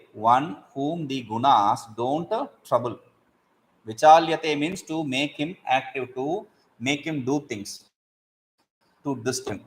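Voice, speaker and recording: Animated man teaching scripture. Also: mid-range voice, rough recording. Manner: animated, acts out examples, chants Sanskrit verses. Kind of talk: explaining Sanskrit verses in a class.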